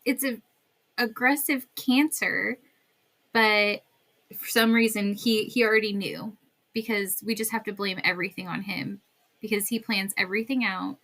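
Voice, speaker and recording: Bright, sarcastic woman co-host. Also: medium pitch, gravelly. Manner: sarcastic, quick to laugh. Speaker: podcast co-host. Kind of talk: casual chat.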